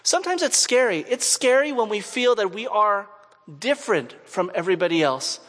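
A man's voice: high-pitched, lively intonation, moderate pace, fairly bright tone. A man from Montreal, preaching a sermon in a conversational storytelling way and asking his listeners questions. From Canada, Montreal. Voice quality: conversational, asks the audience questions. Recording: long hall reverb.

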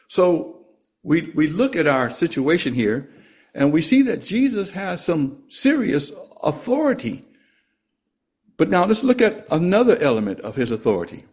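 A man preaching a sermon and reading scripture aloud, speaking slowly and deliberately and letting his voice fall at the end of phrases. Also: big pitch swings, darkish tone. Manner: slow, deliberate, drops pitch at phrase ends.

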